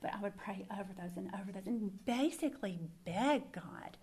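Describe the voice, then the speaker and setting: A woman's voice: mid-range voice, lively intonation, brisk, hardly any pauses, a little mellow. A middle-aged woman, sharing a personal testimony in a sermon, earnest and emphatic, repeating words for stress. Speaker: Christian speaker.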